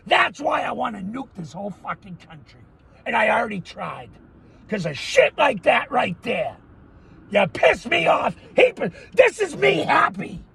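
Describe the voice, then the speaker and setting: A middle-aged man ranting in a profane, erratic monologue, often yelling and cursing. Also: extremely high pitch, big pitch swings, unhurried, creaky. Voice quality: yelling, foul-mouthed, erratic. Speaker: vlogger.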